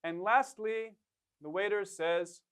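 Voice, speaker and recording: A man's voice: sits high, takes it slowly, fairly bright tone, clear, resonant tone. Patient man coaching language drills. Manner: patient, encouraging, repeats prompts. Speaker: Korean language instructor.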